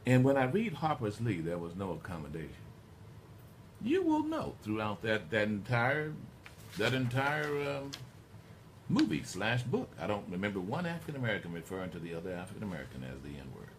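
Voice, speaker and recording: A man's voice: on the low side, a little fast, a little hiss or hum. A middle-aged man hosting a talk radio show, rambling and digressing as he speaks to his listeners. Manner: rambling, digressive, animated storyteller.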